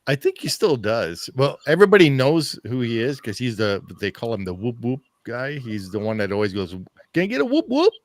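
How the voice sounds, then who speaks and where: A man's voice: mid-range voice, lively intonation, brisk, hardly any pauses. A man chatting casually with friends, telling stories and laughing often. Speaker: theme park fan on a group ride-through. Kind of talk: casual group chat.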